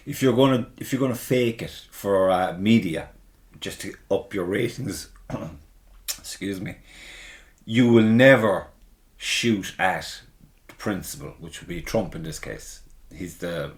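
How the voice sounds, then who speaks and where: Man, podcast host, lowish voice, animated, swears a lot, casual chat. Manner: animated, swears freely, talks over the guest.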